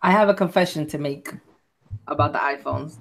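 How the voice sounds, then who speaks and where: A woman's voice: sits low, normal speed, gravelly. A woman co-hosting a tech live stream, chatting casually and playfully. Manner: playful and talkative, laughs easily. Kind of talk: casual chat.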